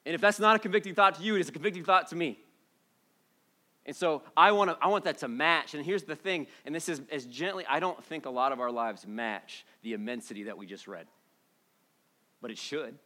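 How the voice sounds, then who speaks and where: A male pastor in his thirties delivers a sermon with a bright, forceful voice pitched a little high. He talks to the congregation like a friend, then drops low and soft before building to loud, emphatic lines. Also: fairly quick. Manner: conversational and emphatic, swings from hushed to loud.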